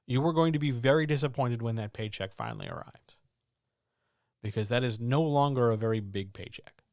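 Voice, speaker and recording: A man's voice: a little high, dry recording, clean studio sound. A man hosting a live-stream advice show for writers, talking blunt and joking, straight to the listener. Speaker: host answering writing questions.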